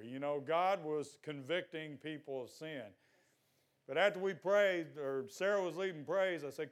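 An older man preaching a sermon in a folksy, exhorting way, at times breaking into loud shouts. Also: on the high side, moderate pace.

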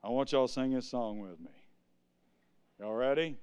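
High-voiced preacher, crisp and unhurried. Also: male voice, animated. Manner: swings from quiet asides to loud preaching. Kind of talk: sermon. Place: church.

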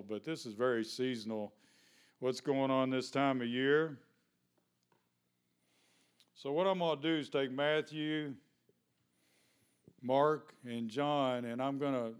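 Smooth-voiced pastor preaching. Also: male voice, medium pitch. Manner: conversational preaching with rhetorical questions. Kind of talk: sermon.

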